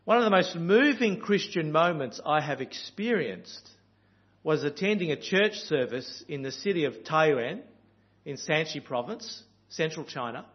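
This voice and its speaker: Australian man preaching, slightly high voice. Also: expressive, unhurried, dull audio. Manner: earnest, storytelling with ums and uhs. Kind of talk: sermon.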